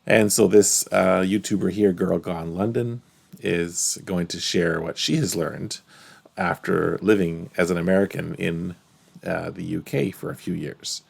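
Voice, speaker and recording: A man's voice: deep voice, steady tone, measured pace, vocal fry, slightly rough. A Canadian man hosting a reaction video, talking in a chatty, conversational way. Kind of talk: casual reaction vlog.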